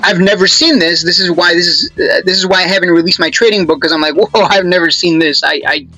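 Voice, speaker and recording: A man's voice: high-pitched, steady tone, fast talker, sharp tone, rough recording. A man hosting his own channel, giving casual stock chart commentary in a rambling, joking way with lots of restarts.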